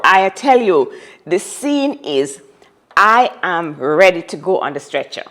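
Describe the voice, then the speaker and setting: Dramatic woman telling a story, low voice. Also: big pitch swings, slow, a bit bright. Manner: dramatic, repeats phrases for emphasis. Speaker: interview guest. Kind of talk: telling a personal story in conversation.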